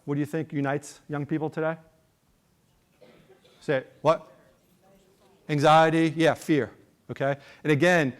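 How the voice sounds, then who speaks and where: A middle-aged man giving a conference talk and a TV interview as a guest speaker, conversational, with many fillers and rhetorical check-ins. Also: fairly high pitch. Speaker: guest speaker, polling director.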